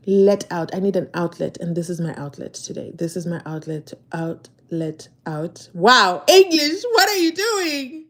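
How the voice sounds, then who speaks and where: A woman hosting a casual live stream from her phone, chatting away and swinging from loud excited pleas to soft whispered asides. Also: lowish voice, slow pace.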